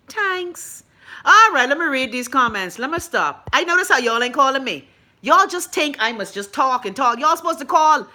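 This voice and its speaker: A Bahamian woman hosting a call-in show, ranting bluntly and profanely, swinging between loud outbursts and low mutters. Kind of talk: blunt profane live-stream rant.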